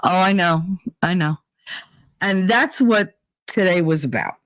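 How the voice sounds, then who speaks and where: A woman's voice: on the low side, lively intonation, a little slow, dry recording. A woman hosting a casual podcast, ranting bluntly and swearing freely with exasperation. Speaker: podcast host. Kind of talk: casual rant.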